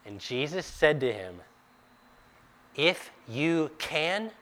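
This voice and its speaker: A male preacher delivers a sermon at an unhurried pace. His voice is bright and forceful. He acts out the quoted dialogue with mounting intensity, then drops almost to a whisper for the intimate lines. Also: on the high side, sing-song.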